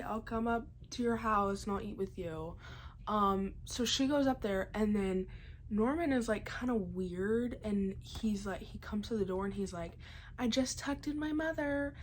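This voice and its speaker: Young woman rambling thru a book recap at home, lots of likes n ums, mid-pitched voice, faint room hum. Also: a little mellow, poor audio. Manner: chatty, many likes and ums, quotes characters in a lightly shifted voice. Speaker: book vlogger. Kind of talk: casual plot recap. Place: home, by a fireplace.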